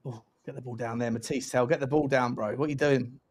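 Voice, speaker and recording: A man hosting a football watch-along, reacting with animated, mocking banter. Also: medium pitch, quick pace, hardly any pauses. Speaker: host.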